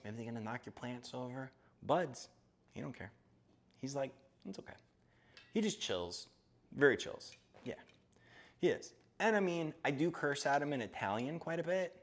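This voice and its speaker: A chatty, jokey man from Florida talks through a casual gardening live stream and chats with his cat along the way. His pitch rises and falls a lot as he talks, and he sounds relaxed and playful.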